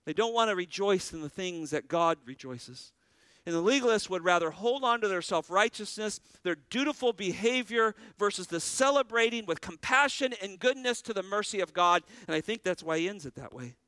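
A man's voice: sits high, lively intonation, brisk, pushed and bright, clean tone, no echo, clean studio sound. A man preaching a sermon as pastor, earnest, with a rising and falling preaching cadence.

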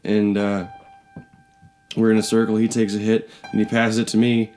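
A man's voice: on the low side, monotone, normal speed, darkish tone, soft background music. A young man from western Canada telling a rambling, comedic camping story on a podcast, acting out the voices of people he met. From British Columbia, Canada. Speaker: podcast co-host.

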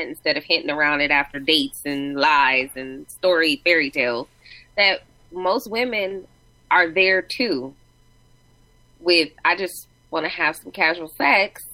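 A woman's voice: on the low side, no room sound, rough recording. A woman in casual chat, telling funny family stories and acting out quotes with lots of laughter. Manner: animated storyteller, acts out quotes, laughs often.

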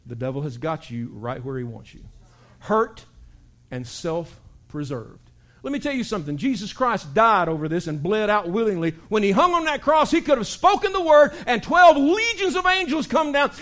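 A man's voice: extremely high pitch, fairly quick. A man preaching a sermon, telling stories and acting out other people's voices. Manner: animated storytelling preaching, acting out voices with big shouts. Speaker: pastor.

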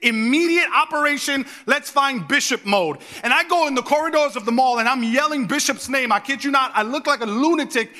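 Male pastor, 30s, lively storyteller. Addresses the congregation directly. High, bright voice with long reverb from a big church hall. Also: brisk, hardly any pauses. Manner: animated, conversational, talks straight to the congregation. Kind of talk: storytelling sermon.

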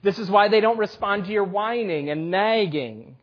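A man's voice: high-pitched, moderate pace. A man in his thirties preaching a sermon, talking directly and conversationally to the children in a church service. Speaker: pastor. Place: church sanctuary. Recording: dull lo-fi sermon recording.

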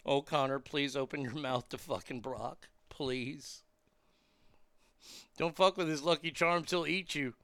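A man with a high, bright voice delivers rowdy, swear-heavy commentary and blurts out loud, excited reactions as he watches clips. His voice is smooth and resonant. It is recorded dry, with no room sound. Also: unhurried, no echo. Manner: profane, blunt and rowdy. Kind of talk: unscripted commentary.

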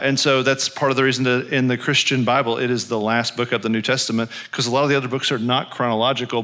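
Bright-voiced male pastor preaching. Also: a little high. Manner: conversational, storytelling, many self-corrections. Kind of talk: sermon.

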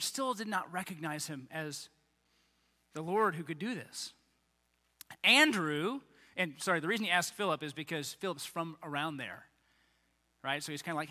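A man preaching a sermon as a pastor, animated and acting out the voices of the people he quotes. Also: sits high. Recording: long reverb of a large hall.

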